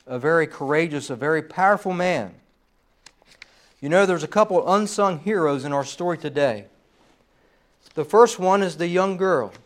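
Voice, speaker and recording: High-voiced man preaching a sermon. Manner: preaching with rising emphasis and trailing pauses. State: slightly hoarse. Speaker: pastor.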